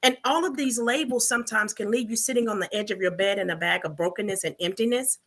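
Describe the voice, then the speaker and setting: A woman's voice: mid-range voice, fast, fairly bright tone, rough recording. A woman on a discussion panel, speaking in an emphatic, motivational way. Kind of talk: earnest group discussion.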